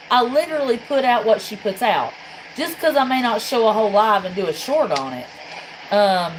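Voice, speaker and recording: A Tennessee woman with a Southern accent hosts a livestream, talking bluntly and casually to her viewers and swearing freely. Her voice is fairly high, with background noise in the audio.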